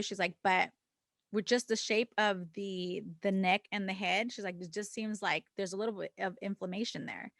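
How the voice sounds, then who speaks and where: A woman co-hosting a casual podcast, speaking candidly and with feeling as she tells a personal story. She acts out the dialogue of others, drops the occasional swear word, and sits in a mid-range pitch. The recording is dry and close, with no room sound. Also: fairly even intonation, normal speed, creaky, a bit bright, no echo. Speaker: podcast co-host.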